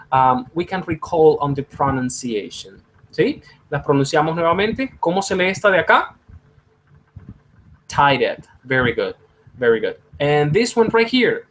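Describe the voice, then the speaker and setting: A man leads an English lesson, stretching each word slowly and repeating it. His voice sits a little high for a man. Now and then he slips into rapid to explain. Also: poor audio. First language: Spanish. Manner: drawn-out repeated words, switching to quick Spanish asides. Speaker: English teacher. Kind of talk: slow classroom pronunciation drill.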